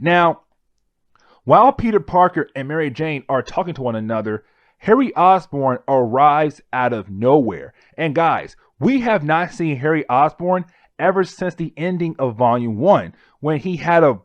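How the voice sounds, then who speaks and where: A man's voice: a little high, lively intonation, moderate pace, no echo. Chatty man retelling a comic story. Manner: chatty, addresses viewers as guys, loose paraphrased quotes. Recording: dry, dull lo-fi sound.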